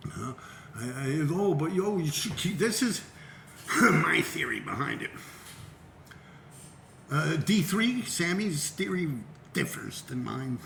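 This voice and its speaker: Animated, gravelly New storyteller. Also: male voice, on the high side, echoey room, slight background noise. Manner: profane, animated, acts out quoted voices. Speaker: graffiti writer and show host. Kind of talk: casual storytelling.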